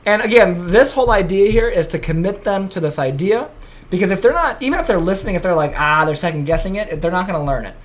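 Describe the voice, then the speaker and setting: A man hosting a podcast in a casual chat, telling stories in an excitable way, full of swearing. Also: high voice, fast talker. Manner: profane, excitable storytelling. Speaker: podcast host.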